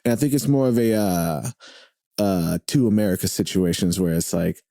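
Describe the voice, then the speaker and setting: A man chatting as a guest in a relaxed interview, his voice dark and mellow with a fairly low pitch. He rambles, doubles back and fills gaps with "uh" and "like". The sound is close and dry, with no room echo. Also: moderate pace, vocal fry. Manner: rambling, many fillers and restarts. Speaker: podcast guest, drummer and radio host. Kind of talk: casual interview chat. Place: host's home.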